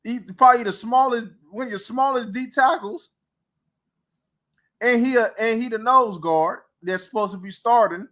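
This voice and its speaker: A man's voice: extremely high pitch, normal speed, fairly bright tone. A man hosting a casual sports talk show, ranting in a heated, mocking way with rhetorical questions. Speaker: podcast host.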